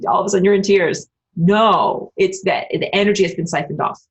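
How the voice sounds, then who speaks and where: A woman talking casually about spiritual ideas and answering her live chat, acting out quoted voices with big jumps in pitch and swearing bluntly. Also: fairly quick, breathy edge, lo-fi sound. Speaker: spiritual channel host.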